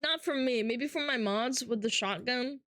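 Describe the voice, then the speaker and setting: A woman's voice: on the high side, normal speed, fairly bright tone, no room sound, studio quality. A woman streamer chatting casually with her viewers, joking and swearing and laughing often. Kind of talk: casual live-stream chat.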